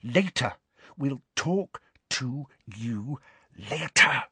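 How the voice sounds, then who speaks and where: Man reading as a sharp-minded teenage girl, precise and firm, raised husky voice, storybook reading. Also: medium pitch, wildly swooping pitch, dry recording, voice pushed up. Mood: urgent. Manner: brisk and precise, firm and grim when crossed. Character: clever, bossy teenage schoolgirl.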